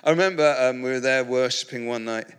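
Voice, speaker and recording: A man's voice: medium pitch, fast, fairly bright tone, clear, resonant tone. A British man preaching in a humorous storytelling style, rambling and self-mocking with many restarts, to an audience in a large hall. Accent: British English. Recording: reverberant hall.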